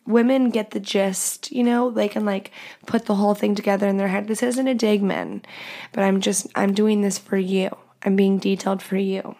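Candid, crude woman with a gravelly voice. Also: medium pitch, steady tone, moderate pace, mellow. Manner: candid, crude and joking, laughs often. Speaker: podcast host. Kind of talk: casual solo podcast talk.

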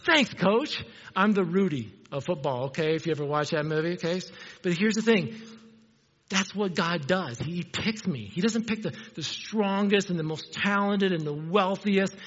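A man with a high voice preaches a sermon, talking conversationally and asking his listeners questions. His voice trails off into a long hall reverb. The recording sounds dull and muffled. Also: expressive, moderate pace, fairly bright tone. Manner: conversational, asks the congregation questions.

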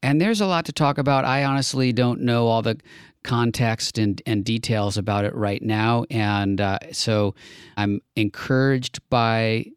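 A man co-hosting a casual political chat show, relaxed and chuckling, thinking aloud with frequent fillers. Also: mid-range voice, a little slow, clean tone, no echo, clean studio sound. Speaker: podcast co-host.

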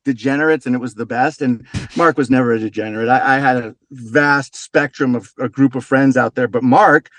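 A man's voice: mid-range voice, fairly quick, few pauses, dry recording. A middle-aged man telling loose, profane stories as a podcast guest in casual chat. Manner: loose, swears freely, animated storyteller.

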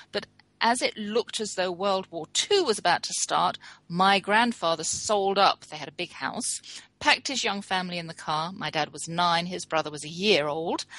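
A middle-aged woman closes her radio show in a rambling, chatty way, with wry asides as she goes. Her voice sits at a middle pitch. The sound is dry and close, with no room echo. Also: a bit bright. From England. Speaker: podcast host.

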